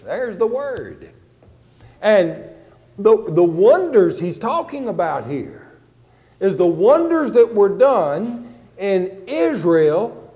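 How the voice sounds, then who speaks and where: A man preaching a conversational sermon, teaching on a Bible passage and slowing down to read scripture aloud. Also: sits high, sing-song, a little mellow, big-room sound. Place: church sanctuary.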